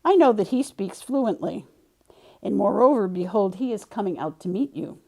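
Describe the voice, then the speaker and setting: A woman reading the lines of God, a solemn male deity, in a measured scripture-reading way. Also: medium pitch, lively intonation, creaky, warm tone.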